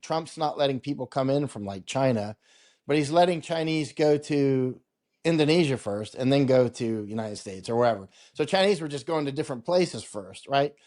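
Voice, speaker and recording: A man's voice: mid-range voice, animated, moderate pace, a little mellow. Rambling male war correspondent on call. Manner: rambling, repeats words, quotes himself, laughs often. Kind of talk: casual interview talk. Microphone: remote video call.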